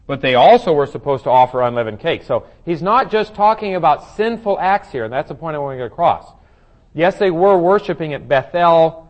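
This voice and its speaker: A man teaching scripture to a class, talking it through in a relaxed way with plenty of "uh"s and restarts. His pitch sits in the middle range. The recording is dull and lo-fi. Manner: conversational, thinking aloud with frequent fillers and restarts. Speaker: Bible study teacher. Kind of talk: verse-by-verse Bible study teaching.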